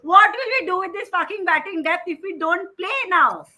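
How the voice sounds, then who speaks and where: A woman's voice: very high-pitched, normal speed, bright, forceful tone. A young woman co-hosting a cricket watchalong, chatting casually, laughing often and repeating words as she tells stories. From India. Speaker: watchalong co-host. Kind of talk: casual chat and storytelling.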